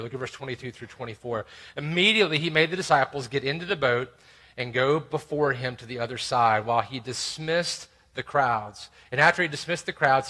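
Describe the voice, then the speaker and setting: A man's voice: a little high, bright, forceful tone. A man preaching to a congregation as pastor, reading scripture aloud and explaining it with earnest, emphatic stress. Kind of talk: expository sermon.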